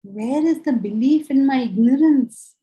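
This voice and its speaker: A woman giving a spiritual lecture, earnest and animated, acting out the inner voices she quotes. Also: high voice, a little slow, rough recording. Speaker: Vedanta teacher.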